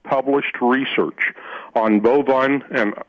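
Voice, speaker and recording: This man speaks slowly in a steady, mid-range voice. He's a guest on the radio, and the recording is dry and muffled; he tells a long story in conversation, with many repeated words and restarted sentences.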